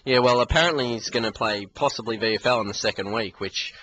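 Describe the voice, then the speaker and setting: A man's voice: mid-range voice, fast talker, poor audio. An Australian man hosting a casual sports podcast, joking and tossing in asides. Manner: lively, joking, tosses in asides. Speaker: podcast host. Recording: faint background noise.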